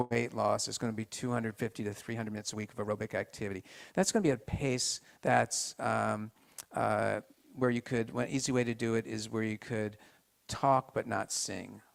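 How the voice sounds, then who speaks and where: A man giving an informal health talk to a live group, halting with many restarts and turning to the audience with questions. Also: on the low side, creaky.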